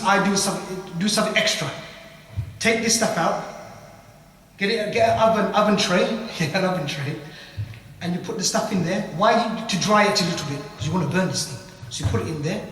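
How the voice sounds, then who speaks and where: A man's voice: high voice, a bit bright. A man with a British accent giving an informal spoken lesson, explaining loosely and repeating himself with tag questions. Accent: British English. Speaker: ruqya teacher. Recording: echoey hall from far off.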